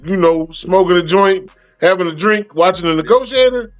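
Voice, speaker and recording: A fairly high-pitched Southern man tosses in blunt, joking asides during relaxed podcast chat. The recording is dull and lo-fi, with faint music behind him. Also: normal speed.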